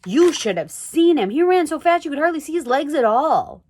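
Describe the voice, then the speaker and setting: A woman's voice: sits high, very animated, moderate pace, darkish tone, voice pushed up. A woman reading as a chatty small boy. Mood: eager.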